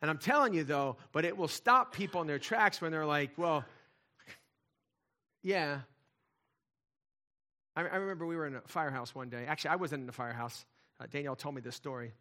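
A man preaching a sermon in a conversational way, dropping to quiet asides and rising to loud, emphatic points. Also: fairly high pitch, fairly quick, long pauses. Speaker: pastor.

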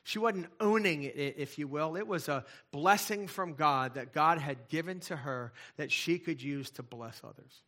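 A middle-aged male pastor preaching in a conversational way, moving from hushed asides to loud, fervent passages. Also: on the high side, a little slow, few pauses. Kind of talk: sermon.

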